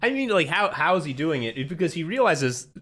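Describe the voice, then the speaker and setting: A man's voice: fairly high pitch, very animated, fairly quick, fairly bright tone. A man in casual podcast chat, jokey and often laughing through his lines.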